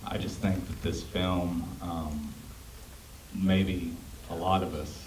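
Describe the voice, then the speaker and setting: Earnest low-voiced male fan, distant mic. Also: steady tone, takes it slowly, a little mellow, a little hiss or hum. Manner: earnest, emotional, rambling. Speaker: audience member asking a question. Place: theater. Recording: distant mic, roomy theater.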